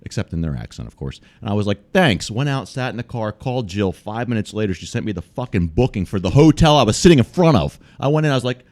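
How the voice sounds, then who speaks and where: American man, low voice, mellow tone, profane, animated storytelling, casual chat. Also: fast talker, hardly any pauses. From United States. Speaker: guest storyteller.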